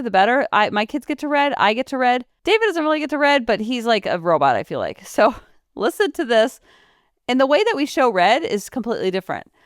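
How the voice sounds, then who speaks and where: A woman's voice: mid-range voice, smooth, no room sound, studio quality. A woman hosting a parenting podcast, talking in a chatty, rambling way with lots of asides. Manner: animated, chatty, jumps between asides. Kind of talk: casual chatty monologue.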